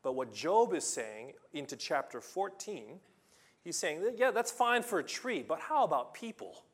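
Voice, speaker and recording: A man preaching a sermon with passion, reading scripture loudly and restarting his sentences when he gets excited. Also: a little high, moderate pace, breathy edge. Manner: impassioned, rising to loud emphatic reading of scripture. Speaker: pastor.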